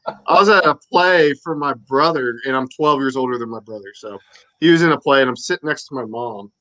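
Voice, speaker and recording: A man's voice: medium pitch, fairly quick, bright, forceful tone. A man in his thirties co-hosting a casual chat, joking, swearing and laughing often. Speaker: co-host.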